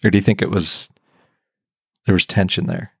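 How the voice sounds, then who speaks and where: A man's voice: sits low, steady tone, moderate pace, gravelly, a bit bright, husky, no echo, studio quality. A man co-hosting a podcast in casual chat. He talks animatedly and laughs often. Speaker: podcast co-host.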